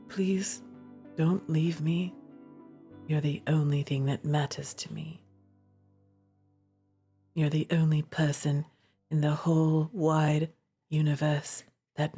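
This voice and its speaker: A woman voicing an anxious, clingy young man held captive in a visual novel, speaking in a soft, halting, pleading way. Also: low-pitched, pitched below the performer's own voice.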